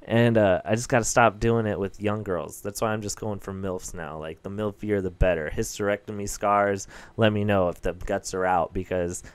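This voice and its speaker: Rambling crude young comedian, smooth dry voice. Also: male voice, lowish voice, fairly even intonation, moderate pace, hardly any pauses, dry recording. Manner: rambling, self-deprecating, crude jokes with frequent fillers and laughs. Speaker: podcast host and stand-up comedian. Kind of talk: casual comedic monologue.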